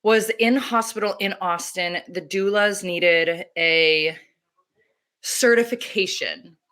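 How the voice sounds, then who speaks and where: Bright-voiced woman telling lively stories. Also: fairly low pitch, takes it slowly. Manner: animated, laughs often, acts out her own quotes. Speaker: doula and activist. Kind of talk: casual interview storytelling.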